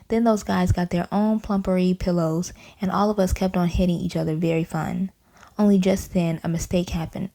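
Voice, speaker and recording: Casting: a woman narrating a kids' storybook, playful and animated, with a low, deep, dark tone. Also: vocal fry. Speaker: audiobook reader. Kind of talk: children's storybook reading.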